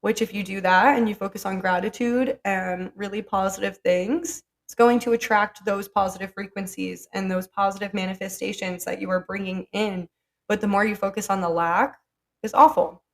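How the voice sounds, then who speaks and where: A woman's voice: medium pitch, fairly even intonation, moderate pace. A woman hosting a solo podcast, talking in a chatty, blunt, profane way full of "like". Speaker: podcast host. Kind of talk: casual solo podcast monologue.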